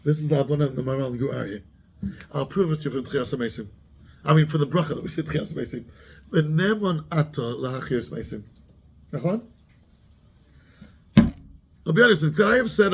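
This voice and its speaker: A man's voice: a little high, fast, pauses often, slightly rough. A man, a rabbi giving a Torah class who keeps asking his students questions and mixes Hebrew terms into his English.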